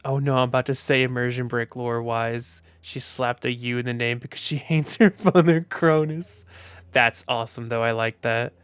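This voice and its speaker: A man with a Southern US accent chatting casually on his stream, loose, profane and quick to laugh. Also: mid-range voice, steady tone, a bit bright, clean tone, no room sound. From Southern United States. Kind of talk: casual livestream chat.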